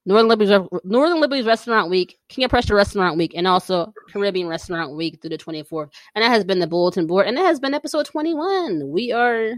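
A woman co-hosting a casual podcast, talking in an animated, blunt and slangy way. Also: medium pitch, quick pace, hardly any pauses, dry recording, studio quality. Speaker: podcast co-host.

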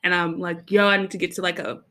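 A young woman tells a story casually and fast in a lowish voice, animated and laughing often as she acts out her own reactions. She leans heavily on "like" and "bro".

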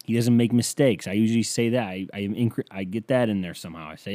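A man hosts his podcast solo in a loose, comedic monologue, swearing freely and bursting into mock shouts. His voice sits on the low side with a soft, mellow tone. The sound is dry and close, with little room around it. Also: fast, few pauses, no echo. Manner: profane, ranting, mock-yells in bursts. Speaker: podcast host.

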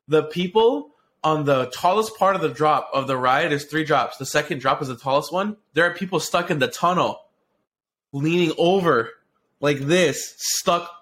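A man co-hosting a casual podcast, telling a long rambling story full of swearing, restarts and fillers. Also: on the high side. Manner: excitable, profane storyteller. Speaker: podcast co-host.

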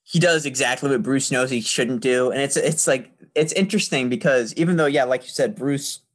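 A man's voice: mid-range voice, fairly quick. A man in casual conversation, enthusiastically talking about a film and sharing trivia. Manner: enthusiastic, chatty, shares trivia. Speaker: podcast co-host discussing a film.

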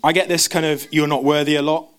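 A man preaching a sermon, talking fast with frequent restarts and stumbles. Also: on the high side, flat delivery, clean tone. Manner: fast, stumbling, self-interrupting.

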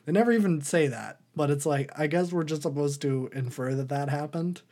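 A podcast co-host with a slightly high, dark-toned voice rambles briskly through a movie recap on a casual show. He laughs frequently and slips into put-on voices for quotes.

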